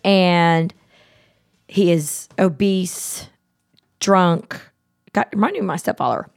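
A middle-aged woman hosting a podcast, telling stories in a blunt, animated way, swearing freely and acting out the people she quotes. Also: on the low side, slow pace, vocal fry, smooth. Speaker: podcast host. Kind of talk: casual storytelling chat.

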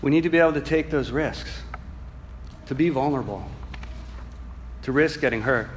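A man preaching a sermon, earnest and reflective, moving from soft musing to emphatic passages and reading scripture slowly. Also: mid-range voice, a little hiss or hum. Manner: reads scripture slowly and deliberately.

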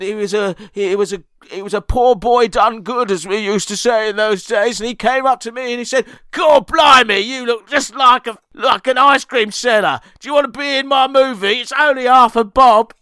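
A man's voice: high voice, fairly bright tone, clear, resonant tone, no echo. A man playing a bumbling, rambling old character actor being interviewed in a comedy sketch. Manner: doddering, rambling, stammering. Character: bumbling elderly male character actor Grumpy.

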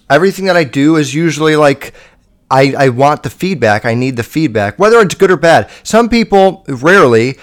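Brief: young male podcaster, slightly high voice, swears constantly, loose and rambling. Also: clean tone. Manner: profane, rambling, lots of fillers. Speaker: podcast host. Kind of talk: casual podcast monologue.

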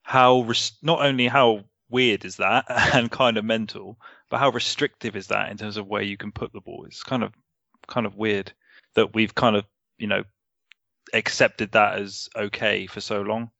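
A man's voice: on the low side, steady tone, moderate pace, vocal fry, sharp tone, no room sound. A man co-hosting a casual podcast chat, rambling, hedging a lot and swearing casually. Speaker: podcast co-host. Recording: slightly muffled dry recording.

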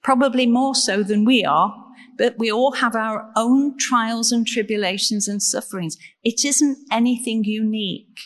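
A woman preaching a sermon in a slow, measured way and asking rhetorical questions. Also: on the high side. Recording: long reverb in a large hall.

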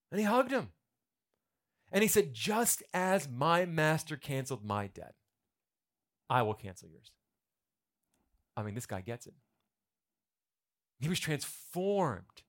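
A male pastor preaching in a chatty, animated way, slipping in jokes and asides to his congregation. His voice sits a bit high and moves a lot in pitch as he tells the story. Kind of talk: sermon.

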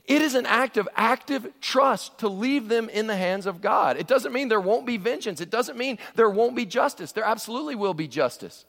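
A man's voice: sits high, animated, moderate pace, gravelly, hardly any pauses, fairly bright tone. A man preaching a sermon, earnest and emphatic, often restarting his sentences as he presses a point. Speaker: pastor. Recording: reverberant hall recording.

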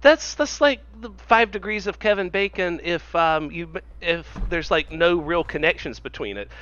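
A man co-hosting a casual podcast chat, sarcastic and jokey, riffing with animated tangents. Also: sits high, moderate pace. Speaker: podcast co-host. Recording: dull lo-fi sound.

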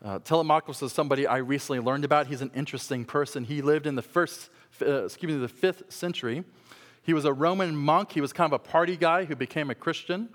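A man preaching a sermon, telling a story that swings from loud shouts to hushed, quiet passages. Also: a little high, fast talker. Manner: storytelling, rising to shouts and dropping to hushed tones. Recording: long hall reverb.

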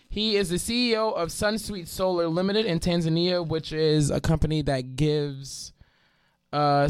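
A young woman hosts a casual radio chat, talking loosely and joking with plenty of swearing. Her voice is smooth and resonant despite slightly stuffy sinuses. The sound is dry and close on a studio mic. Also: sits low, a little mellow, dry recording. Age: 20s. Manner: loose, joking and profane, with bursts of laughter. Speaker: radio show host.

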